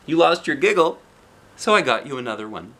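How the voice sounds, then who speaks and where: A man's voice: on the high side, sing-song, brisk, bright, forceful tone, voice pushed up, exaggerated voice. A man voicing a small cheerful male storybook character in a bouncy, jolly way.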